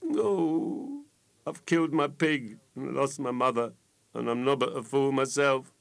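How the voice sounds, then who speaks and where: A man's voice: fairly high pitch, sing-song, normal speed, voice pushed up. A man voicing a grieving, simple-minded young man who sobs and pleads in rustic dialect. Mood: plaintive.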